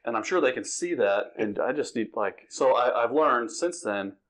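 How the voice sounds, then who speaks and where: A man's voice: medium pitch, lively intonation, moderate pace, fairly bright tone. A man who works as a driver, speaking candidly in a casual interview and telling stories about his experiences on the road. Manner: candid, storytelling, self-aware.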